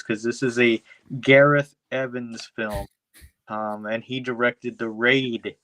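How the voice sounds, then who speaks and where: A man's voice: mid-range voice, sharp tone, no room sound. A man co-hosting a podcast, recapping a film in a loose, profane, rambling way. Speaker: podcast co-host. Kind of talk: casual podcast chat.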